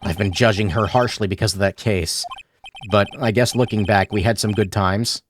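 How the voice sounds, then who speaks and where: A man's voice: fairly low pitch, fairly even intonation, moderate pace, a little hiss or hum, voice pushed down, lightly acted. Awkward young defense lawyer, read by a man in his own voice, wry and sheepish.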